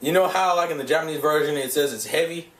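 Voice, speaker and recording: A young man ranting excitedly about an anime dub, swearing a lot and often restarting his sentences. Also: a little high, fast. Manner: profane, animated, gushing with restarts. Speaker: vlogger reviewing an anime dub. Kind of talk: casual excited rant. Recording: echoey room, mic set back.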